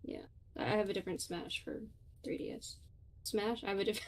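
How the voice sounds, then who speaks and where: A young woman co-hosting a gaming stream, chatting casually with playful jokes and quick asides. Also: medium pitch, fairly even intonation. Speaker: streamer co-host.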